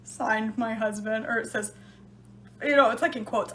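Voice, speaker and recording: A middle-aged woman talks casually in her home kitchen while she mixes drinks. She laughs often and speaks straight to her viewers. Her voice sits a little high, and faint background noise runs under it. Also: moderate pace, fairly bright tone. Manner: chatty and laughing often, talking to live viewers. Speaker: home cooking vlogger.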